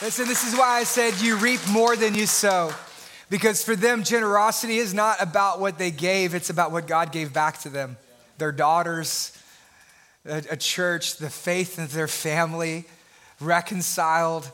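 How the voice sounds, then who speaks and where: A man's voice: on the high side, sharp tone. A male pastor preaching a sermon with passion, building his points through repeated phrases.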